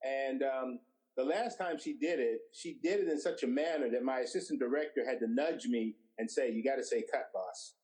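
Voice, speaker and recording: A middle-aged man, guest director in an interview, tells anecdotal stories with animation, acting out the dialogue. His mid-range voice keeps a normal speed on a low-quality recording.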